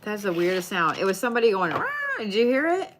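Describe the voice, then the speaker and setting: A woman's voice: medium pitch, lively intonation, fast talker, background noise. A woman giving live card readings, talking casually and addressing viewers by name. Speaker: tarot card reader.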